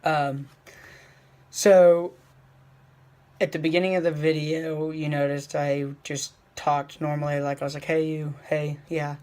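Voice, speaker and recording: A young man talking casually in a vlog, rambling with fillers and slowing down to stress his points. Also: fairly high pitch, flat delivery, darkish tone, clean tone. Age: young adult. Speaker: vlogger. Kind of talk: casual motivational vlog talk.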